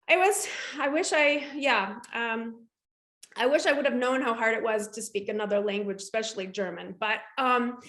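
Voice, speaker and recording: A woman in her forties, a guest in a casual interview, telling a personal story in a lively way and acting out what people said. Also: roomy sound. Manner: animated, acts out quotes with big pitch jumps. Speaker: guest, shoe boutique owner.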